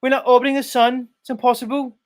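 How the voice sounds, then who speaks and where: Man doing a shrill mock-British street preacher. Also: flat delivery, quick pace. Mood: hectoring. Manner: sing-song hectoring pitch. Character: male flat earth street preacher, pushy and shrill.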